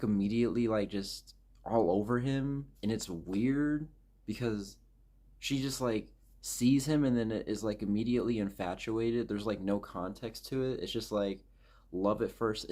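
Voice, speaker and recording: Man, lowish voice, casual rant, swears constantly, exasperated, rambling. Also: darkish tone. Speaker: movie reviewer.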